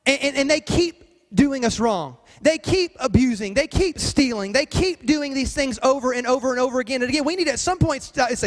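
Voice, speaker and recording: A man's voice: very high voice, long reverb tail. A man preaching a sermon as pastor, with an emphatic, repetitive cadence.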